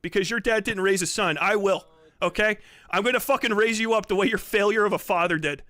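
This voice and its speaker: A man's voice: sits high, a little fast, sharp tone, no echo. A man in his thirties on a stream, teasing and goading a younger guest with frequent laughter. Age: 30s. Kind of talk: mocking live-stream banter.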